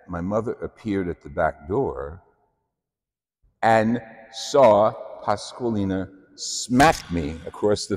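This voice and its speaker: Deep-voiced priest telling stories. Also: male voice, darkish tone, long reverb tail. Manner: anecdotal storytelling, self-deprecating. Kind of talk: sermon. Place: church.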